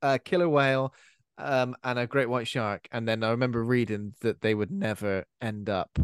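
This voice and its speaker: A man's voice: medium pitch, fairly even intonation, moderate pace, smooth, no room sound, studio quality. A man co-hosting a podcast, chatting casually about a film and acting out quoted lines in silly voices. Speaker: podcast co-host.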